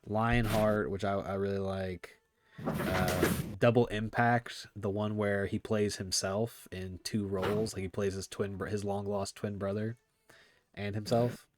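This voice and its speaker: A man with a somewhat low voice hosts a casual movie podcast. He rambles along with plenty of filler words and loose, friendly phrasing. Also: fairly even intonation, unhurried, slight background noise. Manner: rambling, filler-heavy, laughs often. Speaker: podcast host.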